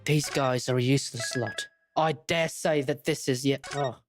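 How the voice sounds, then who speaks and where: A woman VTuber streaming a video game, reading dialogue aloud and reacting loudly with casual swearing. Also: a bass voice, fairly even intonation, moderate pace. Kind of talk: casual let's-play reading and commentary. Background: game background music.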